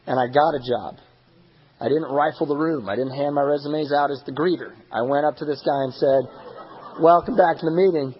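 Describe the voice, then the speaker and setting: A man's voice: fairly high pitch, fairly quick, husky, muffled recording. A young man speaking candidly and with self-deprecating humor as the speaker at a recovery meeting. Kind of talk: personal recovery talk. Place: meeting hall.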